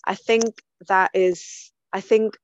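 A woman's voice: medium pitch, fairly even intonation, slow, highs cut off. A woman from Germany talking earnestly in a casual group discussion, often restarting and repeating words. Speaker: panel guest.

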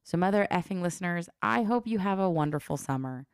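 A woman in her thirties co-hosting a podcast, relaxed and laughing easily. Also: lowish voice, fairly quick, smooth, no echo, studio quality. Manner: easygoing, laughs often. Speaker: podcast co-host. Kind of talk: casual chat.

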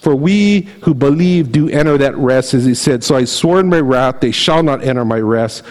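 A man's voice: medium pitch, normal speed, darkish tone, low-quality recording. A middle-aged man preaching a conversational sermon, reading scripture aloud and telling stories with animation. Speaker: pastor.

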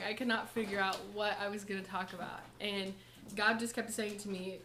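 A young woman in a church college group, giving a personal testimony and short lesson, talking softly and haltingly with many fillers and nervous laughs. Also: mid-range voice, steady tone, a little hiss or hum. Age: young adult.

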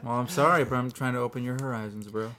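A man co-hosting a casual music chat, easygoing and quick to chime in. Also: mid-range voice, steady tone, bright, forceful tone. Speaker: podcast co-host.

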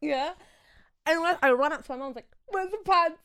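A young woman, co-hosting a casual podcast chat and telling a story with loud excited outbursts. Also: high-pitched, quick pace, no room sound, clean studio sound. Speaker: podcast co-host.

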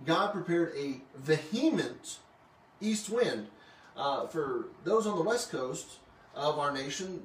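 A man hosting a casual Bible study, reading scripture aloud and joking about it in an animated way. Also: on the high side, a little hiss or hum. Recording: roomy, distant mic with faint ambience.

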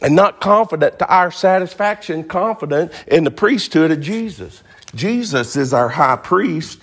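A male pastor delivers a folksy, emphatic sermon. His voice sits slightly high and swoops animatedly, and he repeats key phrases to drive them home. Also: lively intonation, unhurried, fairly bright tone, slightly rough.

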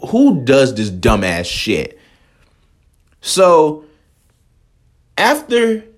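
A man's voice: medium pitch, slightly rough. A man, delivering a profane, incredulous commentary rant as a host, swearing often.

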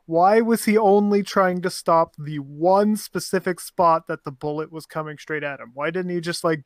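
A man's voice: on the high side, no echo, studio quality. A man in casual chat who asks questions and swears.

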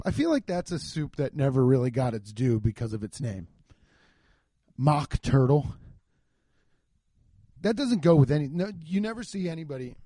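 A young man hosting a casual solo podcast, rambling and swearing, swinging from muttering to loud outbursts. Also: on the high side, dry recording. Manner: loose, profane, rambling with frequent swearing; animated, jumps between muttering and loud outbursts. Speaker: podcast host. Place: home garage.

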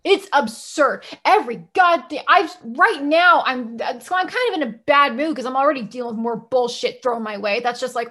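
Blunt, swearing woman with a bright high voice. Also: moderate pace, few pauses. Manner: blunt, profane, emphatic ranting. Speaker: podcast co-host. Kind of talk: casual podcast chat.

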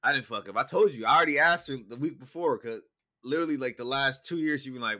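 A man's voice: mid-range voice, expressive, fast talker, pushed and bright. A young man from California in casual chat, telling laid-back, profane stories full of fillers.

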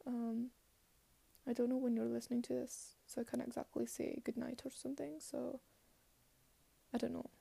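A young woman in her late teens hosting a solo podcast. She rambles in a put-on Scottish accent, is hard on herself, and often trails off into soft murmurs. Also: a little high, flat delivery, moderate pace, vocal fry, breathy edge. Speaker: podcast host.

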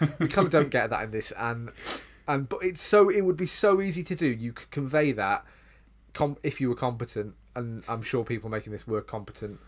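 A man co-hosting a podcast, chatting casually about a sitcom and breaking into mocking high voices. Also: a little fast. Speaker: podcast co-host. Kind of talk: casual chat.

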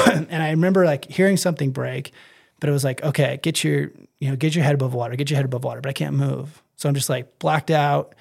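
A man's voice: fairly high pitch, quick pace, gravelly. A man telling his own story in a casual interview, rambling with many fillers and acting out his own thoughts. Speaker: guest.

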